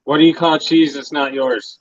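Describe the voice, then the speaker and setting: A man hosting a casual livestream while building a model, relaxed and laughing often. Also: on the high side, moderate pace, no room sound. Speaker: host building a hobby model. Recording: dry lo-fi sound.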